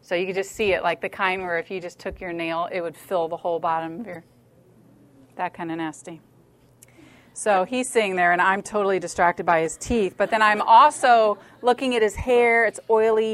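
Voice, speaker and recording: Lively woman speaker addressing a youth group. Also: mid-range voice, moderate pace. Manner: lively, joking, direct. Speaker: women's ministry speaker. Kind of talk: talk to a church youth group.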